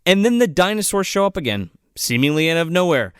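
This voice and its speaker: A man's voice: high-pitched, brisk, clear, resonant tone, dry recording, studio quality. A man casually and profanely riffing on a movie as a podcast co-host. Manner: profane, laughing, animated retelling.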